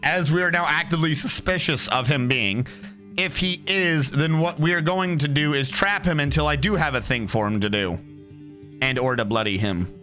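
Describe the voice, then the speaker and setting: A man's voice: a little high, normal speed, sharp tone, faint music behind. Sarcastic man streaming a game. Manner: sarcastic, swears, laughs, reads game text aloud. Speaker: streamer playing a strategy game. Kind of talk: casual let's play commentary.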